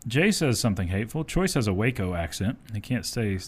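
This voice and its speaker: A man's voice: lowish voice, big pitch swings, brisk. Easygoing man hosting sports radio. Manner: easygoing, chuckles often while talking. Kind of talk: casual sports talk. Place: radio studio.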